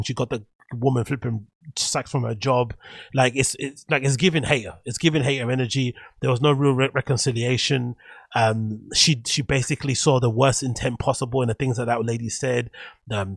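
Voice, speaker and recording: A man's voice: medium pitch, gravelly, breathy edge, no echo. A man hosting a solo podcast, rambling through opinionated hot takes and swearing casually. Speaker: podcast host.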